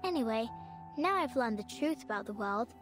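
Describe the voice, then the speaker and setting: A woman voicing a curious, lonely young girl in a game, talking in a soft, earnest way. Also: fairly high pitch, expressive, fairly quick, soft background music. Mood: pensive. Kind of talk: game voice acting.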